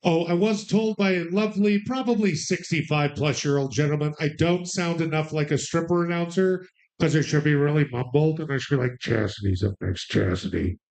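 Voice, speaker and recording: A man calling bingo numbers, drawing each call out slowly and tossing in quick, playful joking asides. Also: on the high side, fairly even intonation, darkish tone. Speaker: bingo caller.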